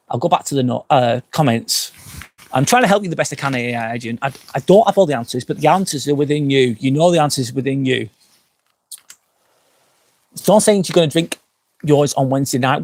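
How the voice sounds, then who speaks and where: A man's voice: a little high, a little mellow. Tipsy man slurring on a livestream. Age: 40s. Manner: rambling and frank, swears often. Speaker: live-stream host. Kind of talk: casual live-stream chat, answering comments. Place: outdoors at night by a campsite fire pit.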